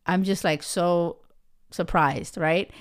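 Chatty woman with a smooth voice. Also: lowish voice, slow. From United States. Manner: chatty, with many fillers like "right?" and "you know". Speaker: podcast host. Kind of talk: personal storytelling monologue.

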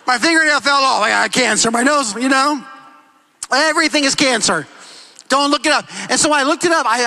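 Middle-aged male pastor, sermon delivery, very high bright voice, emphatic and repetitive. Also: rough recording. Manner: emphatic, repetitive preaching with acted-out quotes.

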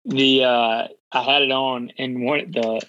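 A man's voice: medium pitch, steady tone, unhurried, pushed and bright. A man co-hosting a casual podcast, telling a story in a rambling way and groping for words. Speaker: podcast co-host. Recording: dull lo-fi audio.

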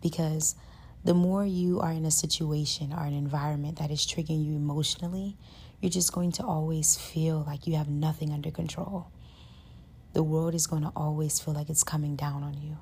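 A woman's voice: steady tone, normal speed, slightly rough. A woman hosting a self-help podcast, talking earnestly and casually with lots of fillers. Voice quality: says her voice is high-pitched and gets loud with passion. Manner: earnest, conversational, lots of fillers like "like" and "you know". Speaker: podcast host.

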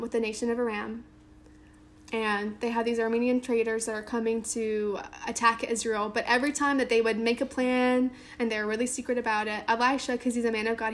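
Woman, casual Bible teaching, reads scripture then retells it, conversational fillers, a little high-pitched. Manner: conversational, lots of "like" and "um"; reads scripture aloud then paraphrases informally.

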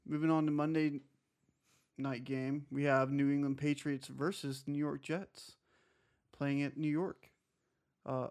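A man's voice: a little high, flat delivery, measured pace, pauses often, a little mellow. A man hosting a casual fantasy football chat, moving the show along with dry sarcasm. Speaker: podcast host.

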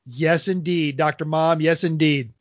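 A man's voice: fairly high pitch, steady tone, a little slow, no room sound. A man co-hosting a casual podcast, dropping wry jokey asides. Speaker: podcast host.

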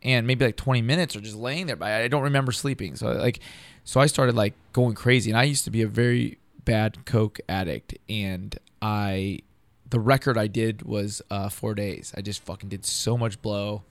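A man's voice: on the low side, fairly even intonation, normal speed, no room sound. A man telling a long personal story in casual, profane, rambling talk, acting out what others said.

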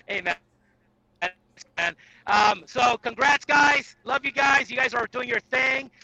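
A man calling in to a podcast, hyped and swearing, whooping shoutouts over a poor call connection. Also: extremely high pitch, takes it slowly, long pauses, dull audio. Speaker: caller. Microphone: phone or video call. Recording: bad call-in line.

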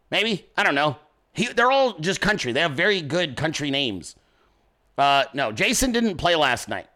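A man hosting his own show, chatting casually in a rambling, profane, excitable way. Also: fairly high pitch. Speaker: podcast host. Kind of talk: casual chat.

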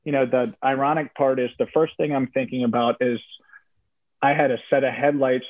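A young man from Virginia telling a personal story in a casual interview, relaxed, with many fillers and restarts. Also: medium pitch, a little fast, no room sound. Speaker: interview guest. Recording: tinny phone-like audio, dry.

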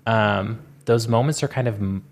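Guy cohost, lowish voice, rambly and reflective, talks about being a performer. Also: moderate pace. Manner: rambling, lots of fillers and restarts, reflective. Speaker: podcast co-host, stage performer. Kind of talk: casual reflective podcast chat.

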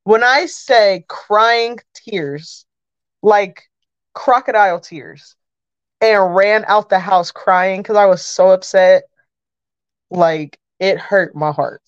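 A woman chatting as a podcast guest, telling animated stories about watching wrestling. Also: mid-range voice, takes it slowly, dry recording. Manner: animated storyteller. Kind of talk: casual chat. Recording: dull lo-fi sound.

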